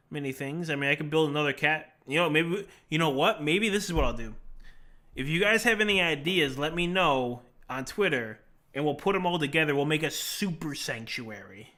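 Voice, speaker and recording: A man's voice: fairly high pitch, expressive, moderate pace, bright, forceful tone. A young man chatting casually on a live stream, joking and self-deprecating as he talks to his cats and to viewers.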